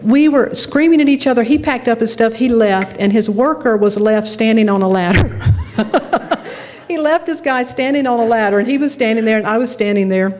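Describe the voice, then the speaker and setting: This middle-aged woman minister, her voice on the high side, moves at a moderate pace through a sermon. She recounts a personal story animatedly and laughs at herself along the way.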